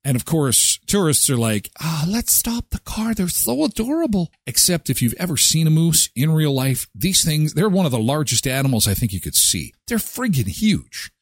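A man hosting a casual morning radio show, reading ads and joking about the news in an animated way. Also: mid-range voice, normal speed, few pauses, no echo. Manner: animated, jokey, acts out voices. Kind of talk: casual morning show chat with live ad reads.

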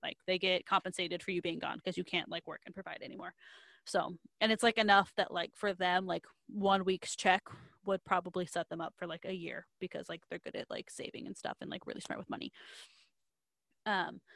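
A woman's voice: fairly low pitch, steady tone, brisk, vocal fry, fairly bright tone, dry recording. A young woman chatting casually as she retells a story. She rambles along with many fillers, and her voice is recorded close and dry, with no room sound. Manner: rambling, many likes and ums, quotes characters in lilting voices. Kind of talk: casual chat retelling a novel's plot.

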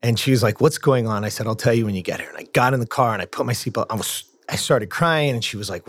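Man, podcast guest, earnest storyteller, mid-pitched voice, dry close sound. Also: fast talker, no room sound. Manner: earnest, animated storyteller with frequent restarts. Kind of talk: casual storytelling interview.

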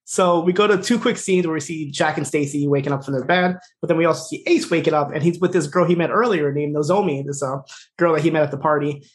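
A man talks quickly and loosely in a casual podcast recap, piling up fillers and acting out what characters said. His voice sits a little higher than most men's. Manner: rapid, filler-heavy retelling, acting out quoted lines. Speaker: podcast co-host.

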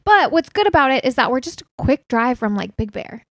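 Chatty, higher-voiced woman co-host. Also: big pitch swings, brisk, no echo, studio quality. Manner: chatty, lots of "like" fillers. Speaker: podcast co-host. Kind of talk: casual chat.

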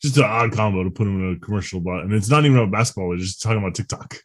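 A man co-hosting a podcast in casual chat, joking easily and laughing often, with a husky voice. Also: on the low side, racing. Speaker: podcast co-host.

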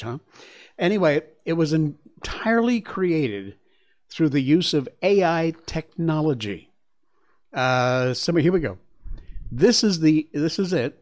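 A man's voice: on the high side, big pitch swings, measured pace, darkish tone. A man hosting a show, reading news stories aloud and reacting with chatty, exclaiming asides. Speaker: show host. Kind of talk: casual commentary on news stories.

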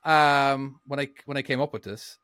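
A man's voice: medium pitch, steady tone, moderate pace, pushed and bright, clear, resonant tone, no room sound. A man co-hosting a casual podcast, telling a story in a rambling, hesitant way with many restarts. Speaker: podcast co-host.

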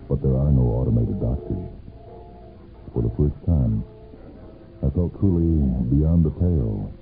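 A man narrating a first-person story for radio, with a measured, brooding delivery and long pauses. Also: a bass voice, vocal fry. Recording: lo-fi narrow-band 1970s radio recording with faint music.

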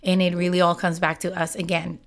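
A woman with a lowish voice talking about self-awareness in a casual, motivational way. She speaks candidly and warmly personal, with lots of "you know" fillers as she works through her thoughts. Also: flat delivery, a little fast.

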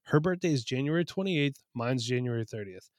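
A man's voice: mid-range voice, animated, a little fast, darkish tone, no room sound. A man from eastern Pennsylvania co-hosting a parenting podcast, telling stories in casual chat with a wry, dry humor. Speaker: podcast co-host.

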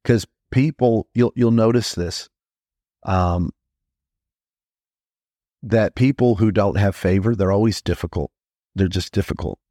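Low-voiced pastor, dry close mic. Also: male voice, warm tone, no echo. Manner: emphatic, repeats phrases for effect; frequent quick restarts and stammers. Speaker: pastor and podcast host. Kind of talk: conversational teaching podcast.

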